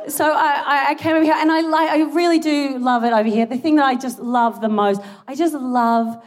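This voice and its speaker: A woman's voice: high-pitched, brisk. A young Australian woman doing live stand-up in a big theatre, giggly, rambling and sweary with a self-mocking edge. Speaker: stand-up comedian. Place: large theatre stage. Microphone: stage mic. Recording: live theatre recording with audience noise. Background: audience laughter and crowd noise.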